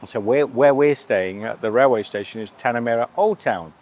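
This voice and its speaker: A man's voice: medium pitch, normal speed, darkish tone. A man hosting a casual travel food vlog outdoors at a street stall, chatty and cheerful, laughing often and talking while he eats. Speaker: travel vlogger.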